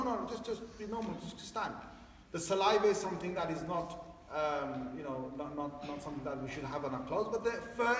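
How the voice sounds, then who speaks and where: A man teaching parents in a casual, chatty way, repeating his phrases and acting out family scenes. His voice sits high for a man and rings through a big echoey hall. He is heard from a distance with a faint hiss behind him. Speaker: Islamic teacher. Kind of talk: informal religious talk to parents.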